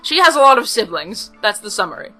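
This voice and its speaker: Woman, let's play host, casual rambling commentary, bright voice, soft game music behind. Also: fairly high pitch, very animated, fast talker, rough recording. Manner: rambling, self-mocking asides.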